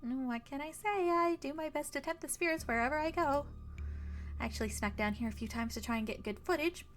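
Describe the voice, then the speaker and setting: A woman's voice: high-pitched, brisk, a little hiss or hum, pitched above the performer's own voice, lightly acted. A woman voicing a wry, unflappable young ghost hunter who talks in a dry, teasing way.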